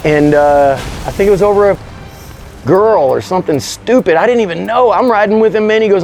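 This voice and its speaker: A man telling a story as an interview guest, animated and slangy, swearing freely. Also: sits high, brisk, soft background music. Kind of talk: casual storytelling.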